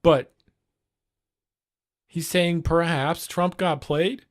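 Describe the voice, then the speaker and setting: A man's voice: on the high side, steady tone, very slow. A man hosting a livestream, reacting to a clip and riffing in a profane, jokey, rambling way. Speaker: livestream host.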